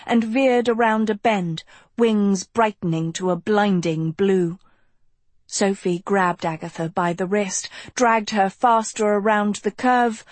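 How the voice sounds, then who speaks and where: Slow, measured woman narrating a story. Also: mid-range voice, dry recording. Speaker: audiobook narrator.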